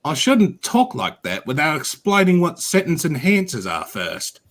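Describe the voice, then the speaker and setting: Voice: mid-range voice, moderate pace. Someone doing a laid-back Aussie engine bloke. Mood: chatty. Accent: Australian. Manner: drawling, casual, relaxed. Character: laid-back Australian engine, male, cheerfully foul-mouthed. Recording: from a played video with music behind.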